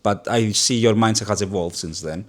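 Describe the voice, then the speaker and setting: Low-voiced man hosting a business chat. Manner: thoughtful, halting restarts. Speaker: podcast host. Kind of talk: casual business conversation.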